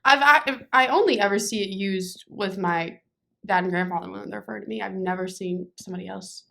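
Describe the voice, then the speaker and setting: A woman's voice: mid-range voice, a little fast, vocal fry, fairly bright tone. A young woman co-hosting a casual podcast chat, opinionated and emphatic, often restarting her sentences. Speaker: podcast co-host.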